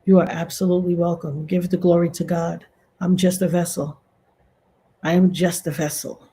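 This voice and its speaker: A woman's voice: fairly low pitch, level tone, moderate pace, mellow, husky. A woman from the northern US hosting a casual livestream, affectionate and a little preachy as she thanks viewers in the chat. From northern United States. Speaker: livestream host.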